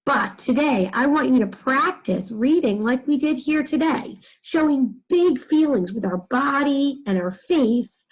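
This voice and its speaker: A woman's voice: high-pitched, lively intonation, measured pace, hardly any pauses, breathy edge, low-quality recording. A woman teaching an online reading lesson for children, speaking directly to them in an encouraging way.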